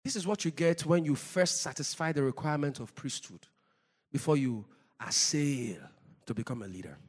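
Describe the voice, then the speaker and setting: A pastor preaching an impassioned sermon, dropping low and then shouting out his points, with bursts of praying in tongues. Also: normal speed. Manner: impassioned preaching, swinging between low intensity and loud shouting; speaks in tongues between points.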